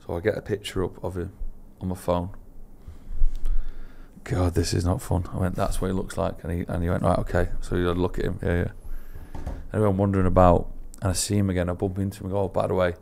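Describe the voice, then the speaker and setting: A young man with a fairly low voice tells an embarrassing story on a casual podcast. He laughs at himself and swings from loud outbursts to hushed asides. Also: completely flat delivery, quick pace, vocal fry, a little hiss or hum. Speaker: podcast co-host.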